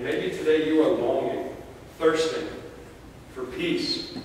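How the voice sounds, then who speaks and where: A man preaching a sermon, his slightly high voice carried by a long church reverb. He tells stories and jokes with dramatic pauses, heard from a distance with faint room noise behind him. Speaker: pastor. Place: church sanctuary. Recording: echoey church hall from far off, faint noise.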